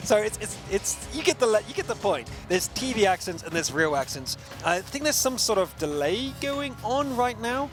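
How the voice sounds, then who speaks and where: A man's voice: sits high, big pitch swings, moderate pace, hardly any pauses, music in the background. A man from Somerset, England, with a light Somerset accent tinged with American, chatting as an esports caster between matches and searching for words as he rambles. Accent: light Somerset English with an American tinge. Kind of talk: casual chat between matches.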